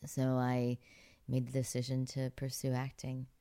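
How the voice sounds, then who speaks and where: A woman's voice: extremely low pitch, monotone, normal speed, mellow. A middle-aged woman from Pittsburgh, an actress, chatting in an interview with many fillers and frequent laughs. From Pittsburgh, USA. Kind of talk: relaxed interview storytelling.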